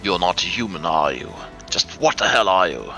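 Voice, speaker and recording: A man voicing a blunt, rough-spoken male samurai commander from a visual novel. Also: deep voice, big pitch swings, moderate pace, bright, forceful tone, faint music behind, full character voice. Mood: confrontational.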